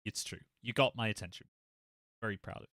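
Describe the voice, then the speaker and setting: A man's voice: lowish voice, fast, pushed and bright, no room sound. A man live-streaming a game, chatting playfully and talking straight to his chat.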